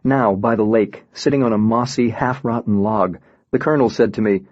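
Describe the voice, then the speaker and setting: Man, audiobook narrator, first-person, reflective, husky, dry close sound. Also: on the low side, moderate pace, darkish tone, no room sound, muffled recording.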